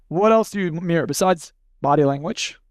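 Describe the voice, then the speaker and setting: Blunt, slightly high-voiced man teaching a workshop. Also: moderate pace, dry recording, clean studio sound. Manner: blunt, conversational, demonstrates with acted snippets. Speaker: seminar speaker. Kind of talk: live workshop demonstration.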